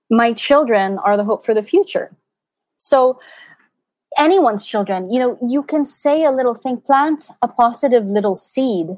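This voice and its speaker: Earnest, animated mother on a dry mic. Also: medium pitch, no room sound. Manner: earnest, animated storytelling with many fillers. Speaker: interview guest. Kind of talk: casual conversational interview.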